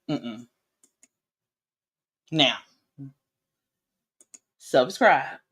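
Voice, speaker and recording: A woman chatting casually on a livestream from home, rambling and playfully teasing her viewers. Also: mid-range voice. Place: home at night.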